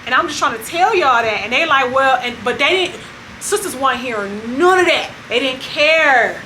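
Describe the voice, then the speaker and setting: High-voiced woman telling a story. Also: brisk, a little hiss or hum, poor audio. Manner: animated retelling that acts out other people's lines. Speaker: vlog host. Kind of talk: casual storytelling to camera.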